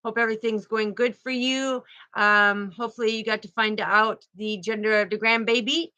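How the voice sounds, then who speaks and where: A woman's voice: fairly high pitch, steady tone, normal speed, pushed and bright, low-quality recording. A middle-aged woman, hosting a casual spiritual livestream, effusive and protective as she greets her viewers by name.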